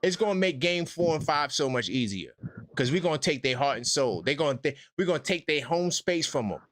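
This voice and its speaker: A man's voice: fairly high pitch, lively intonation, fairly quick, a bit bright, no room sound, studio quality. Trash-talking male call-in show host. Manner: trash-talking, laughing, street slang. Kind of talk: casual sports call-in banter.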